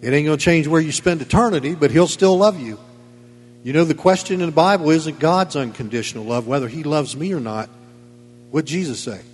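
A man's voice: on the high side, brisk, slightly rough, in a large hall. Folksy emphatic preacher man. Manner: emphatic, folksy, chuckling asides. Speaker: pastor. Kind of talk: sermon. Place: church sanctuary.

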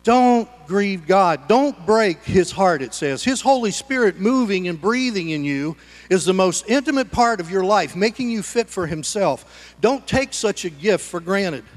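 A man preaching in a high, light voice, folksy and conversational with touches of humor. His words ring out with a long hall reverb, as if in a church sanctuary. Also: lively intonation, measured pace. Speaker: pastor. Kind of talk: sermon.

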